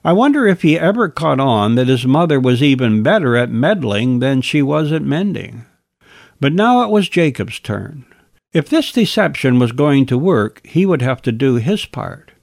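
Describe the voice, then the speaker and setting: A man narrates a Bible lesson and comments wryly on the scripture he reads. His voice has some gravel and moves through a wide pitch range. The sound is close and dry. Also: sing-song, moderate pace, no room sound. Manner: wry asides between scripture readings. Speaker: Bible teacher.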